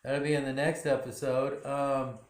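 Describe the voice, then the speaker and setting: A man's voice: medium pitch, little pitch movement, normal speed. A man casually recapping a TV drama episode in a rambling way, full of "you know" fillers. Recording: roomy echo.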